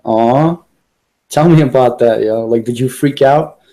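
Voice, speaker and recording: A man's voice: mid-range voice, measured pace, a crowd in the background. A man hosting a podcast, asking casual questions in a hesitant way, often restarting his sentences. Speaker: podcast host. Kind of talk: casual interview.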